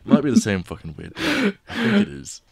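A man's voice: high voice, wildly swooping pitch, brisk, vocal fry, slightly rough, no echo. A man co-hosting a podcast, telling stories in loose casual chat and swearing freely. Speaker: podcast co-host.

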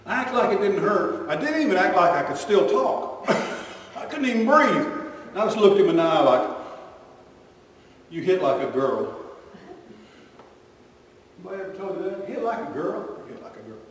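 A man preaching a sermon, telling stories and acting out voices with lively energy. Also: sits high, brisk. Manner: animated storytelling with acted-out voices. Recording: echoey hall from far off.

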